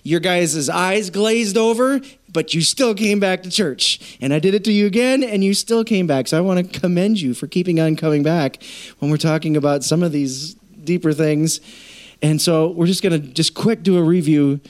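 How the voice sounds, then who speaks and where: Chatty male pastor, slightly high voice. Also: moderate pace. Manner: conversational, storytelling with quoted voices; addresses congregation directly. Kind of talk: sermon. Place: church.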